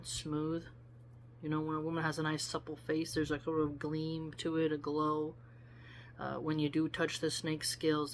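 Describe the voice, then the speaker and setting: A host reading a philosophy text aloud and breaking off for chatty, digressive comments. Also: mid-range voice. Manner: chatty, digressive asides with laughter.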